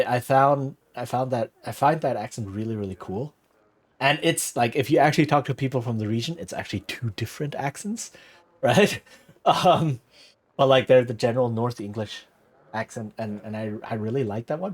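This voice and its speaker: A male streamer talking loosely with his chat at home. He rambles, restarts his sentences and breaks into easy laughs, at a middle pitch. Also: normal speed. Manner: rambling, self-interrupting, laughs easily. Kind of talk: casual chat with live chat.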